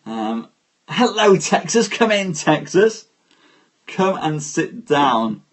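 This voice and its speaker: A man with a husky, breathy voice hosts a live stream. He reads poetry and chats with his viewers, taking his time and greeting each one by name. His pace stays slow and deliberate. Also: a little high, very animated.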